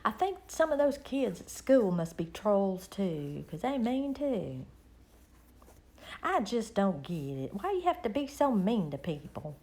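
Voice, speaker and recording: A woman's voice: mid-range voice, big pitch swings, unhurried, dark tone. A middle-aged woman, chatting casually and rambling with viewers on her live stream.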